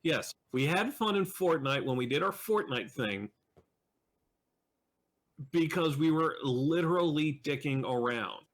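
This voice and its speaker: A man's voice: on the high side, expressive, unhurried, pauses often. A man co-hosting a podcast, joking around and speaking to listeners as "folks". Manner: joking, talks to the audience as "folks". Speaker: podcast co-host. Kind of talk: casual chat.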